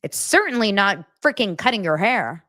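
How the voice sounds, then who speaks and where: Animated sarcastic woman host. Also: mid-range voice, normal speed. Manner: sarcastic, animated, swinging between loud bursts and muttered asides. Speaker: pop culture show host. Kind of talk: casual commentary recap.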